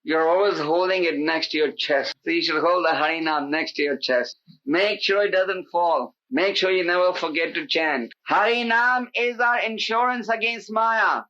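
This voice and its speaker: A man giving an animated sermon as a spiritual teacher, emphatic and pleading, acting out the voices he quotes. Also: high-pitched, moderate pace. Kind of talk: sermon to a live gathering. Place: indoor hall with an audience. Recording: dull lo-fi tape recording.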